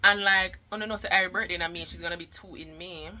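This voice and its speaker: A woman's voice: on the low side, fairly even intonation, fast talker, pushed and bright, rough recording. A Jamaican woman and mother chatting casually in a vlog, emotional and talkative, mixing patois with English. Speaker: mother and vlogger.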